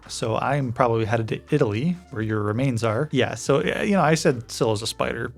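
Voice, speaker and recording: Brief: male toy-review host, gravelly fry, excitable goofy exclaims, faint music under. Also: medium pitch, normal speed, hardly any pauses. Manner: excitable, goofy exclamations, chatty asides to viewers. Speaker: toy collector channel host. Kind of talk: casual reaction commentary.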